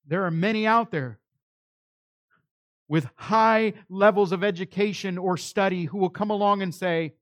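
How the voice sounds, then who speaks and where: A man preaching a sermon, acting out the voices of the people he quotes, with his loudness rising and falling for emphasis. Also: high voice, unhurried, no echo, studio quality. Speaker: pastor.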